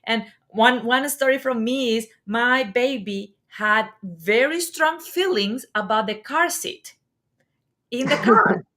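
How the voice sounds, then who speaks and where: Lively woman host. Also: fairly high pitch, slow. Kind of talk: livestream talk show chat.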